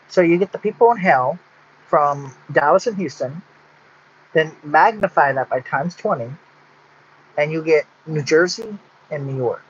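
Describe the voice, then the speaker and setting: A man's voice: a little high, a bit bright, slight background noise. A man from Texas rambling in a casual vlog monologue, full of restarts and fillers. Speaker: vlogger. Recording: dull lo-fi sound.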